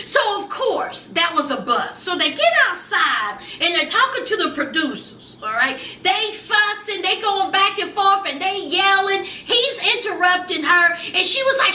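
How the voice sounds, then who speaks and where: Sassy lady recapping tv, real high bright voice, echoey room kinda far from the mic. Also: sing-song, unhurried, slight background noise. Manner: chatty, sassy, talks straight to viewers. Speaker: recap vlogger. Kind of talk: casual reality TV recap.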